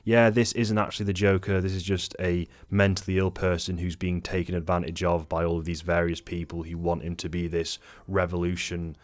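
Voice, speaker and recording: A man angrily ranting through an unscripted film review, swearing often and rambling. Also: low voice. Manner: angry, profane, rambling. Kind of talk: unscripted rant-style review.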